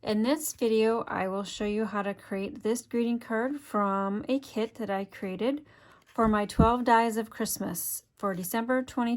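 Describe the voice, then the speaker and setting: A woman from Wisconsin, demonstrating a card-making craft step by step in a chatty way. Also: a little high. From Wisconsin, USA. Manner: chatty, step-by-step, thinks aloud while working. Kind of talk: hands-on craft tutorial.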